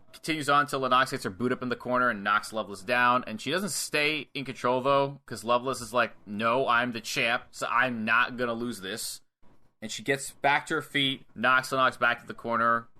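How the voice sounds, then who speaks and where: A young man talks through a wrestling match on a podcast, laying out each move in a casual run and slipping into quick acted lines for the wrestlers. His voice is very bright and sharp-edged. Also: medium pitch, clear, resonant tone. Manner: animated play-by-play with acted-out quotes and swearing. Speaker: podcast co-host. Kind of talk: casual chat, match recap.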